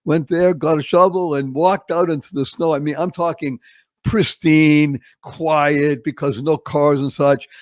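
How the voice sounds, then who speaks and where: A man in his seventies from Boston, telling stories as an interview guest, with dramatic slow-downs. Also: a little high, no echo. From Boston, United States. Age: 70s. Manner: expressive, with dramatic slow-downs and acted-out quotes. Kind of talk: animated storytelling interview.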